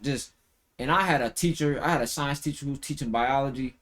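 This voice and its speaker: A man's voice: mid-range voice, fast talker. A man streaming casually, ranting in loose, profane slang and often breaking into mocking impressions. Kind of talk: casual reaction-stream rant.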